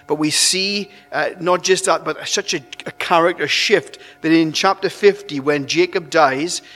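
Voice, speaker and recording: A man preaching a sermon in an animated, conversational way, restarting phrases, with long hall reverb. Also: a little high, measured pace.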